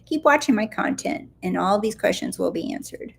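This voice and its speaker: Gravelly-voiced woman coach chatting playfully. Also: medium pitch, lively intonation, normal speed, a little hiss or hum. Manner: chatty, playful and goofy, full of "like" and "do you see?". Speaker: law of attraction coach. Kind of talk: casual live-stream chat answering viewer questions.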